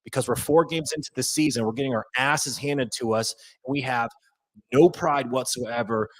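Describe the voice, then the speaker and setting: A man's voice: medium pitch, normal speed, dry recording, rough recording. A male podcast host, so worked up he can barely talk, rambles and swears in a live after-game rant. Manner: hyped, profane, rambling. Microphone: headphones off, desk mic.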